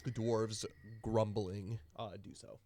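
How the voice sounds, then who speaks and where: Low-voiced man running a tabletop game. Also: slow. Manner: relaxed, many fillers. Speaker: game master.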